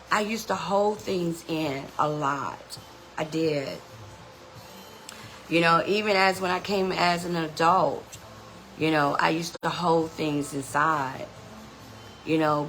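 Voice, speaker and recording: A woman's voice: fairly low pitch, vocal fry, bright, forceful tone, a little hiss or hum, low-quality recording. A woman hosting a podcast, giving an earnest, motivational self-help talk and often saying "you know". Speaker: podcast host.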